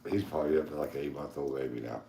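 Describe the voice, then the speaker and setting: A man's voice: a bass voice, fairly even intonation, very fast, creaky, mellow. A middle-aged man co-hosting a podcast in casual chat, laid-back and self-deprecating. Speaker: podcast co-host. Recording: roomy echo.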